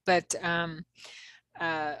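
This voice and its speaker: A woman's voice: on the low side, level tone, very slow, a bit bright, smooth, no echo. Co-host psychic medium, woman, chatty rambling, dry sound. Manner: rambling, many fillers and restarts. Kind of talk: casual spiritual chat.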